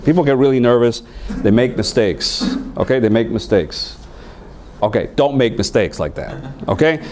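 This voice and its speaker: A man training new teachers, telling stories in an animated way and acting out voices. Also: mid-range voice, normal speed, background noise. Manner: animated storytelling, acts out voices.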